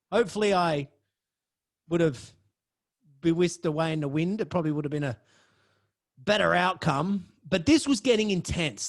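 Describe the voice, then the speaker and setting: A man, a podcast host telling a personal story in a dramatic way and swearing freely. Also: high-pitched.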